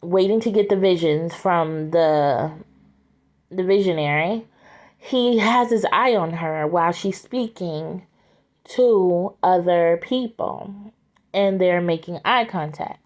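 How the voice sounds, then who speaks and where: Low-voiced woman recounting a story. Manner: halting, with frequent fillers and restarts. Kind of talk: casual spoken retelling of a story scene.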